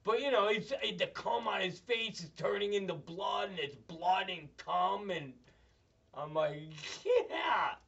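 Crude rambling guy telling stories, high bright voice, sounds far off and muffled. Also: measured pace, vocal fry, breathy edge. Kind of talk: rambling comedic storytelling. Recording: dull, slightly distant mic.

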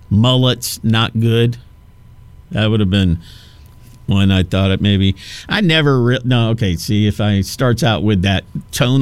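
A man's voice: lowish voice, clean tone, dry recording. Chatty man in his fifties hosting talk radio. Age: 50s. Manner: rambling, chatty, full of restarts and asides. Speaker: radio talk show host. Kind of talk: casual on-air monologue.

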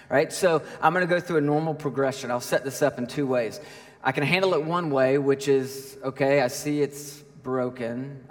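A man preaching a sermon as a pastor, conversational and animated, often checking in with "right?" as he tells a story. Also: medium pitch, big-room sound.

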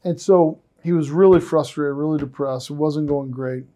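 A man interviewing a guest in casual conversation, enthusiastic and full of praise, telling stories with animated energy. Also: a little high, normal speed.

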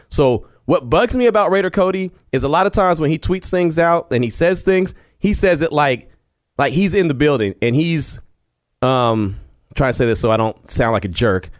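Earnest sports-talk host, dry sound. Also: male voice, fairly high pitch, dry recording. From Texas. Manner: conversational and earnest, frequent restarts, laughs easily. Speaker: podcast host. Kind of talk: casual sports talk monologue. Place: home studio.

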